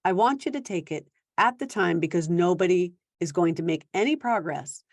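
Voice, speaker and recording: A woman giving parenting advice in a conversational talk, now and then acting out quick quoted exchanges between parent and teen. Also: on the low side, expressive, no echo. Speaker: parenting coach.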